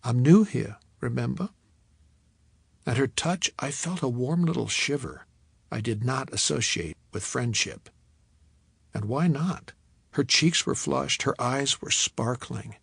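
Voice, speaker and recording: A man reading a novel aloud in the first person, telling the story in a measured, reflective way. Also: medium pitch, animated, creaky, a bit bright, breathy edge, no room sound. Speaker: audiobook narrator. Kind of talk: first-person audiobook narration.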